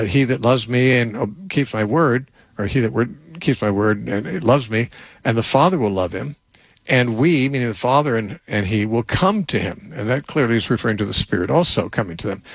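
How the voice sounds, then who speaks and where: An older man, a Bible teacher, answering a question in thoughtful unscripted talk with frequent restarts and a slightly husky voice. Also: mid-range voice, dry recording, low-quality recording.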